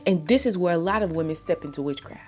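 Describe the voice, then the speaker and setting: A woman's voice: fairly low pitch, expressive, fast, a little mellow, faint music behind. A woman giving faith-based relationship advice in a blunt, impassioned monologue, full of exasperated rhetorical questions.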